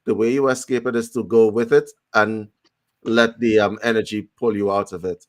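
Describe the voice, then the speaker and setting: A man on a video call who calmly guides and questions a guest. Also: lowish voice, moderate pace. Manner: calm, guiding, asks questions. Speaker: healer guest. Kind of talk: casual chat.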